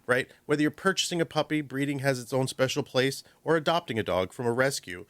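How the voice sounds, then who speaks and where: Animated man giving dog-training advice. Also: medium pitch, no room sound. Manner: animated, acts out dogs and owners in quick voices. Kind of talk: radio call-in advice. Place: radio studio. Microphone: studio microphone.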